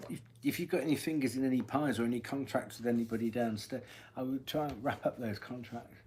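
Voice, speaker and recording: A man giving a live-stream tarot reading, thinking aloud as he draws cards and often clearing his throat. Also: medium pitch, fairly quick, darkish tone, a little hiss or hum. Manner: musing aloud while drawing cards, frequent throat-clearing. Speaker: tarot reader.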